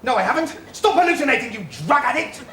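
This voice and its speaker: An actor playing a vain, pompous, scheming TV star who talks in a theatrical, shouty, mocking way. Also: male voice, very high-pitched, expressive, fast talker, crowd noise.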